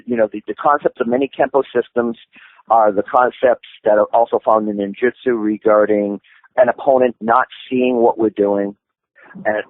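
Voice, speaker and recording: Male martial arts teacher, mid-pitch, phone-line sound, digressive explainer. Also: no echo. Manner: rambling with many restarts and fillers. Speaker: martial arts instructor guest. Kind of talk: explanatory interview talk. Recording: tinny phone-line audio, dry.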